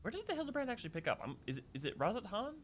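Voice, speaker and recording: Bright, lively male streamer. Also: high-pitched, racing, slight background noise. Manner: chatty, greeting viewers by name. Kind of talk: casual live-stream chat.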